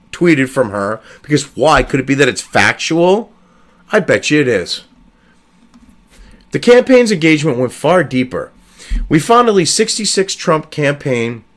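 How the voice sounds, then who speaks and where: A man hosting a political commentary video, reading an article aloud and cutting in with profane, sarcastic, exasperated remarks. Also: a little high.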